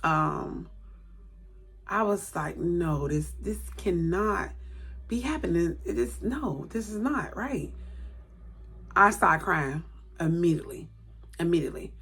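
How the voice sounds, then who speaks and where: A woman's voice: fairly low pitch, lively intonation, slow, pauses often, fairly bright tone, slightly rough. A woman in her late thirties telling a personal story on camera at home, repeating words for emphasis and acting out what people said. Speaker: vlogger. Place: indoors at home, by a light.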